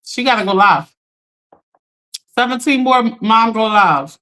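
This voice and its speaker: A woman's voice: fairly high pitch, lively intonation, measured pace, sharp tone. A woman hosting a casual coaching livestream, talking straight to her viewers in a chatty, direct way.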